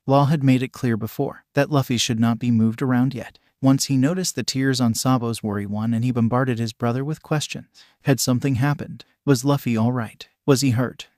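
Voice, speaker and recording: A man narrating a fan fiction story aloud in a steady, even reading voice, dialogue included. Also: medium pitch, dry recording, clean studio sound.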